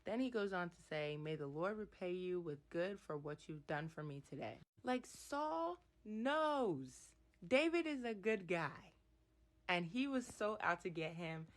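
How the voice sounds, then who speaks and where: A woman's voice: mid-range voice, lively intonation, a little slow. A woman vlogger giving casual Bible commentary, reading verses aloud and reacting expressively to the story.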